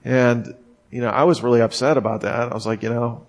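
A man preaches in a relaxed, conversational way, his voice at an ordinary middle pitch. He stretches out and stresses certain words for emphasis and often restarts his sentences. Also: a little fast. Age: adult, former smoker. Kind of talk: informal sermon.

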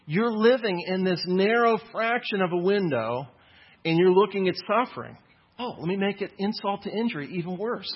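A man in his thirties giving a Christian apologetics talk to an audience, lively and acting out the voices he quotes. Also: sits high, normal speed, slightly rough. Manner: animated, acts out quoted voices. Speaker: Christian speaker. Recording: dull lo-fi sound.

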